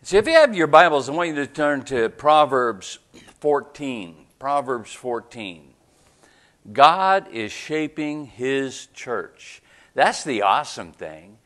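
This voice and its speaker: A man's voice: medium pitch, very animated, takes it slowly, a bit bright. A man preaching a sermon at a church service, talking in a conversational way and often checking in with the congregation. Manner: conversational preaching with frequent "right?" asides. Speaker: pastor.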